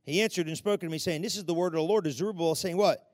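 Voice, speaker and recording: A man preaching an impassioned sermon, swinging between shouted peaks and hushed passages and acting out the voices in the story. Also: a little high, rapid-fire, no echo. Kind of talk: fiery sermon.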